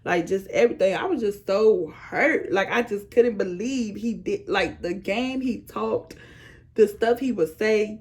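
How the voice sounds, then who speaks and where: A young woman vlogger telling a storytime tale in an animated, slangy, laughing way. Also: mid-range voice, a little slow, slightly rough. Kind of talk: casual storytime.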